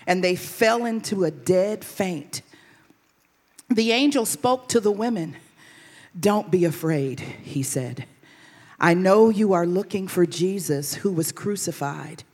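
A woman reading a Bible passage aloud in a measured, careful way during a church service. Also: mid-range voice. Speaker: scripture reader. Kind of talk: scripture reading. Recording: reverberant church hall.

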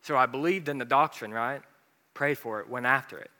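Bright-voiced casual preacher in a hall. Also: male voice, mid-range voice, a little fast. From American South. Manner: casual, conversational preaching with many fillers. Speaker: pastor. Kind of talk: sermon with personal story.

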